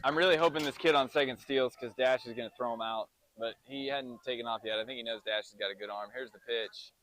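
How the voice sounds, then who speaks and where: A man's voice: mid-range voice, quick pace, a bit bright. A middle-aged man, a dad doing amateur play-by-play commentary of his son's youth baseball game in a chatty, self-joking announcer manner.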